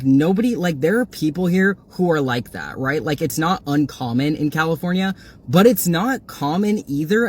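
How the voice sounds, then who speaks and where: A man's voice: on the high side, breathy edge. A young man casually recounting a strange encounter, rambling with lots of "like" and acting out quotes. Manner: rambling, full of "like", acts out quotes. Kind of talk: casual storytime chat.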